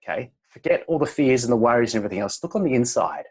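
A man, a chiropractor guest on a podcast, speaking reflectively and telling a gentle story. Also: medium pitch, animated, very fast, slightly rough, poor audio. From Australia. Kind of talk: relaxed podcast conversation.

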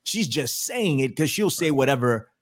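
A man's voice: medium pitch, lively intonation, moderate pace. A middle-aged man hosting a casual political podcast, rambling with restarts and wry asides. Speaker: podcast host.

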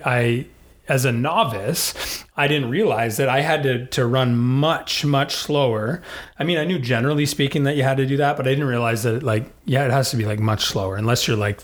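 Male co-host, casual storyteller, mid-range voice, loose and filler-heavy delivery. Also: mid-range voice. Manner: rambling, full of fillers and restarts.

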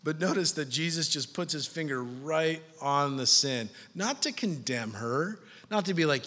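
A man in his thirties preaching a sermon, animated, shifting from soft and low to loud and high. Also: a little slow, hardly any pauses. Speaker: pastor. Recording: long hall reverb.

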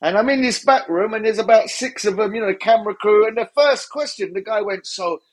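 A man's voice: sits high, a little fast. A middle-aged man, telling sarcastic, jokey anecdotes in a casual interview. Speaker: guest DJ.

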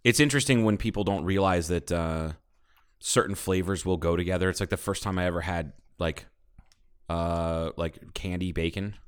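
A male podcast co-host tells bar stories in a casual chat, swearing a lot and acting out other people's lines in raised voices. His voice is low-pitched, clear and resonant, at a moderate pace.

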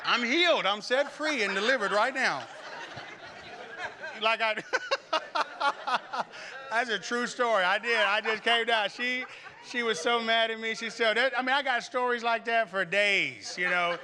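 A male pastor preaching a sermon, telling stories with lots of energy, laughing and shouting at times. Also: very high-pitched, unhurried, long pauses, a crowd in the background. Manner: animated storytelling, laughing and shouting.

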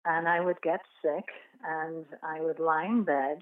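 A woman's voice: deep voice, steady tone, a little slow, far from the mic. Middle-aged woman on a tinny phone line. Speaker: podcast guest. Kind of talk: personal story in an interview.

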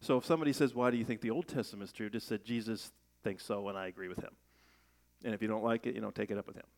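A man's voice: on the low side, steady tone, rapid-fire, a little mellow. A middle-aged man preaching a sermon in a conversational way, asking rhetorical questions and raising his voice for emphasis. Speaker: pastor.

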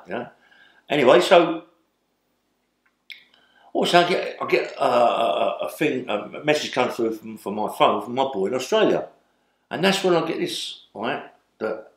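A man's voice: mid-range voice, roomy sound. An older man, telling stories in a rambling way as an interview guest and tagging lines with "yeah?". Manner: rambling, tag questions like "yeah?". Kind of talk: storytelling in a sit-down interview.

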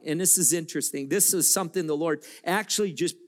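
A male pastor preaching a sermon, direct and confrontational with listeners, building into impassioned shouts. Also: fairly high pitch, fairly quick, few pauses.

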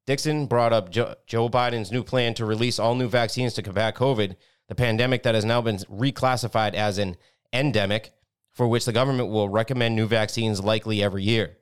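Podcast guy reading articles, clear smooth voice, swears a lot in between. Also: fairly low pitch, fairly even intonation, fairly quick. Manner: blunt, profane asides between read passages; stumbles and restarts words while reading. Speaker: podcast co-host. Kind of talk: reading news articles with commentary.

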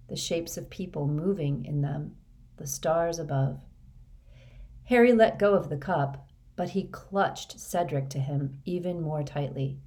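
A woman narrating an audiobook in a measured, even read. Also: low-pitched. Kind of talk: scripted narration.

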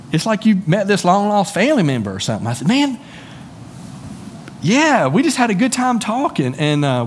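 A man's voice: mid-range voice, a little hiss or hum. A man with a Southern US accent preaching a sermon as pastor, folksy and conversational, often repeating words as he goes. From Southern United States. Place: church sanctuary.

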